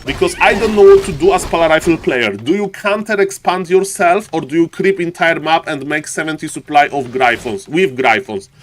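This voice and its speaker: A man from Poland with a thick Polish accent, giving live esports commentary for a stream audience and often calling out to "ladies and gentlemen" with jokey asides. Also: on the high side, normal speed, hardly any pauses. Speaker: esports caster.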